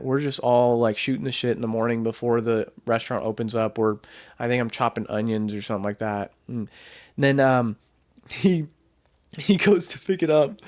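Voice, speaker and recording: A man's voice: medium pitch, darkish tone. Young man telling a rambling story. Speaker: podcast co-host. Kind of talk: casual chat.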